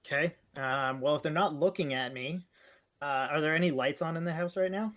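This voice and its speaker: A man playing a tabletop game, easygoing and slangy, thinking out loud about his plans. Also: on the high side, fairly quick. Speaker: player. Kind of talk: casual chat at a game table.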